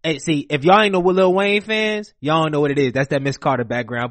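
Male podcast host, hyped and slangy, fairly high voice, dry close mic. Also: a little fast, few pauses, no room sound. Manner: animated, emotional, slangy hype talk. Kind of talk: excited podcast intro monologue.

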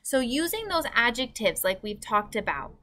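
A woman teacher reading a children's book aloud and giving a class assignment, in a clear, expressive storytelling manner. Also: a little high, normal speed.

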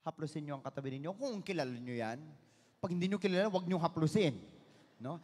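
Lively preacher in an echoey hall. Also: male voice, a little high, quick pace. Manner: lively, calls on the crowd, mixes in Tagalog. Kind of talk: sermon talk at a festival. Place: large hall or venue.

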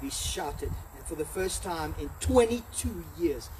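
A man preaching a sermon as pastor, animated, acting out the story with quoted voices. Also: a little high, measured pace, recorded from a distance, a little hiss or hum, low-quality recording. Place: church hall.

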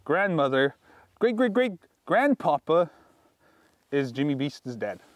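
High, lively young man joking around. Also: takes it slowly. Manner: joking, laughing, jumpy shifts between loud and mumbled. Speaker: vlogger. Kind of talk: goofy casual banter.

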